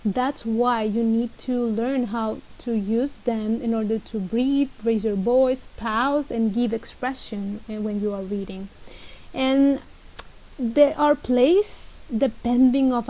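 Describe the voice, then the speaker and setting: A woman's voice: a little high, dark tone, poor audio. A woman teaching reading in English as a non-native speaker whose first language is Spanish, explaining patiently and repeating key points with stress. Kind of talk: recorded lesson explanation.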